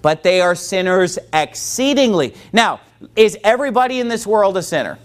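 A man's voice: high-pitched, animated, normal speed. A man preaching a sermon as pastor, emphatic and questioning, putting questions to his listeners.

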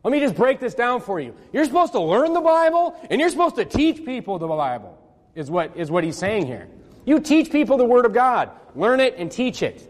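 Male pastor with a high voice, reading verses and then explaining them with casual filler words and rising emphasis; long room reverb. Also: very animated, brisk. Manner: conversational, full of "I mean" and "you know", climbing to emphatic peaks. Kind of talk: sermon with scripture reading.

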